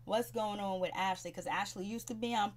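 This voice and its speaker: A woman giving a casual, slangy recap of a TV show, chatting in an animated way. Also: medium pitch, fairly quick.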